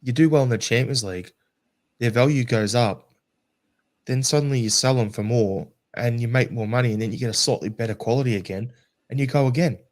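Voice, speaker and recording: A man running a relaxed football podcast, his voice worn and going hoarse. He keeps the chat moving and passes questions to the others. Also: mid-range voice, brisk. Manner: steers the talk, hands questions to co-hosts. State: losing his voice. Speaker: podcast host.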